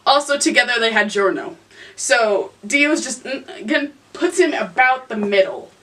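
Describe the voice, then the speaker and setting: Young woman host, exasperated casual rant, high and lively, recorded from a distance. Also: normal speed. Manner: animated, exasperated, swears freely. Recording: voice from some distance to the mic.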